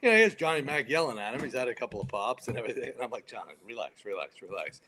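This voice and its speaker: A man's voice: mid-range voice, racing, slight background noise. A man in his fifties, a retired firefighter turned actor, telling stories as a podcast guest and acting out what people said. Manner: animated storyteller acting out others' lines. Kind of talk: casual storytelling.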